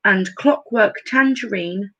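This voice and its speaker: A woman's voice: mid-range voice, takes it slowly, pushed and bright, highs cut off. A woman with a Northampton accent hosting an online pub quiz from home over a computer mic, reading questions twice and joking between them. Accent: English Midlands, Northampton. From England. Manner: chatty, self-mocking asides between questions. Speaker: quiz host.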